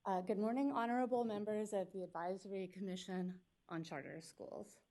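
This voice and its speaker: Quick, pointed woman attorney arguing. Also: medium pitch, fairly even intonation, dark tone. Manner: quick, pointed, argumentative delivery. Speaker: attorney representing a school district. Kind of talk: formal legal argument at a public hearing. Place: public meeting hearing room.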